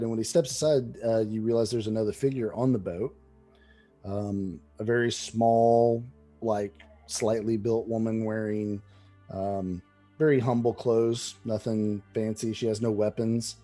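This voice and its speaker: A man narrates a tabletop game as dungeon master, casual and full of fillers and hesitations. His voice is low and mellow, heard through an online call microphone. Faint music plays behind.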